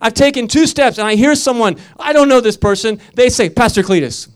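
A man's voice: extremely high pitch, a little fast, clean tone. A middle-aged man preaching a fervent sermon as pastor, telling stories between declarations.

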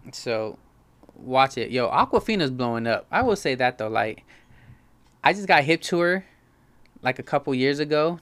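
A young man casually reviewing movies in a slangy, animated way, swearing freely. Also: medium pitch, smooth. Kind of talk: casual profane chat.

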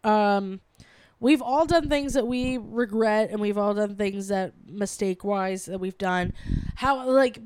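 A woman's voice: medium pitch, darkish tone, clear, resonant tone, no echo. Rambling woman podcast co-host. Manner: rambling, many fillers and restarts. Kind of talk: casual chat.

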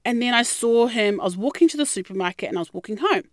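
A woman with an Australian accent, telling a personal story in a blunt, heavily profane and animated way. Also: fairly high pitch, fast, dry recording, studio quality. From Melbourne, Australia.

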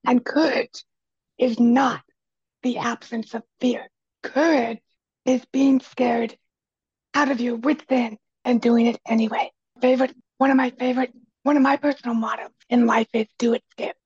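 Earnest raspy woman guest, very husky, dry close recording, lo-fi. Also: fairly high pitch, steady tone, normal speed, dry recording. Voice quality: raspy, quiet voice. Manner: earnest and emphatic, repeats key phrases. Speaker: podcast guest, speaker and kitchen coach. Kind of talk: casual conversation.

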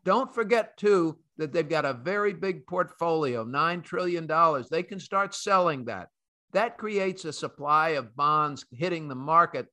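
Forceful, opinionated American male host. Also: fairly high pitch, animated, unhurried. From United States. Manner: emphatic, opinionated, talks straight to listeners. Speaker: podcast host. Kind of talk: market commentary podcast.

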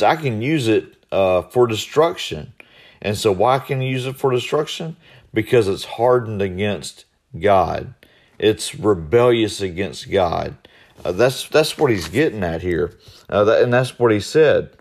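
Man, pastor, verse-by-verse sermon, lowish voice, many fillers, repeated words. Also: darkish tone. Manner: repetitive, many fillers, rising when voicing God.

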